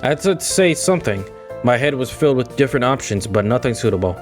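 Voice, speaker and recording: A man's voice: mid-range voice, animated, fast talker, faint music behind. A young man reading a visual novel aloud and reacting with exasperated, slangy outbursts. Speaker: gaming video creator.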